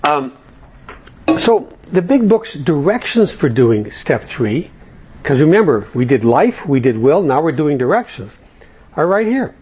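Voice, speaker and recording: A man's voice: on the high side, big pitch swings, measured pace, a little mellow, slight background noise. A man speaking to a recovery group, telling jokes and stories in a loose, conversational way with fillers. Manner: conversational storyteller, jokey, with fillers.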